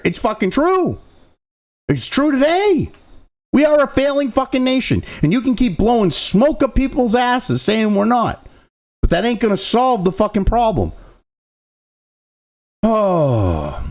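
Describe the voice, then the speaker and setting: Gravelly, animated ranting man. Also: extremely high pitch, unhurried, pauses often. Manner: angry, profanity-laden, sarcastic. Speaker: political commentary host. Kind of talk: profane political rant.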